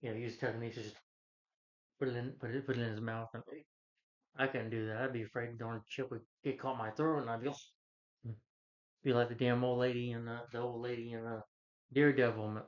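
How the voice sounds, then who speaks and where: A man's voice: mid-range voice, flat delivery, fairly quick. A man giving a casual, rambling plot recap as a movie reviewer, with many restarts and "you know" fillers. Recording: dull lo-fi recording.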